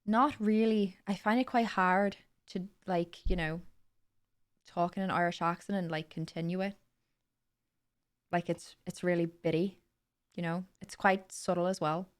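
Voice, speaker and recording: A woman's voice: fairly low pitch, steady tone, a little slow. A young woman hosting a livestream, chatting casually and answering viewers' questions with frequent laughs. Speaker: livestream host.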